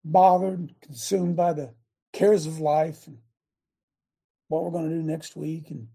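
A man hosting a talk show in a preachy, rambling rant. He swings from loud outbursts to low asides and restarts his sentences often. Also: flat delivery, unhurried, slightly rough. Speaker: show host.

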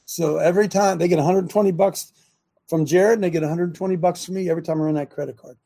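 A man's voice: on the high side, steady tone, quick pace, mellow. An older man hosting a talk show, speaking emphatically, repeating himself and laughing in disbelief. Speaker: host. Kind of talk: talk radio commentary.

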